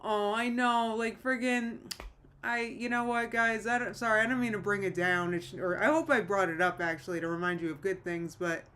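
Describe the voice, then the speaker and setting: A woman's voice: mid-range voice, moderate pace, fairly bright tone, clear, resonant tone. A woman hosting a casual livestream, rambling and nostalgic as she reads viewer comments aloud and restarts her sentences. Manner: nostalgic and emotional. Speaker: livestream host. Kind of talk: casual live-stream chat with viewers.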